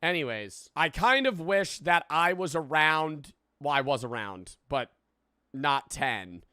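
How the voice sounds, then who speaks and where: A man's voice: a little high, sing-song, slow pace, bright, forceful tone, clean tone, no room sound, clean studio sound. A man in his twenties reacting to a video, rambling and swearing with laughing asides. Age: 20s. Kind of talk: casual reaction commentary.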